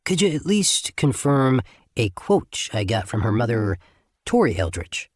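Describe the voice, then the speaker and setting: A man voicing his narrator putting on a clear, friendly reporter's voice with a slight Midwest twang. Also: mid-range voice, sing-song, a little slow, no echo, clean studio sound, pitched above the performer's own voice. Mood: cheerful.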